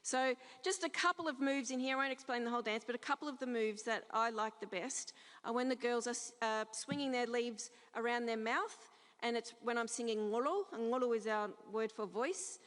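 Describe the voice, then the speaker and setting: Croaky-voiced woman giving a welcome. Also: on the high side, long reverb tail. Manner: speaks softly and proudly, sings slow chants. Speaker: cultural performer giving a welcome. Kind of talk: ceremonial welcome speech and song. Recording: noisy live event recording.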